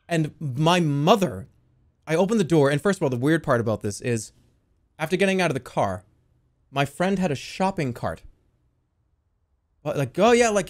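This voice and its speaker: A young man casually telling the story of a strange dream, rambling and swearing, with sudden loud panicked outbursts. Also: fairly high pitch. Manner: rambling, swears a lot, restarts, jumps into loud panicked quotes.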